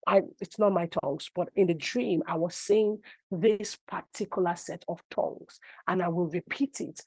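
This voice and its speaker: Preaching a testimony-filled sermon, a middle-aged woman apostle tells animated stories that climb into cries. She speaks at a moderate pace, with a slightly rough voice on the low side, captured in a dry recording.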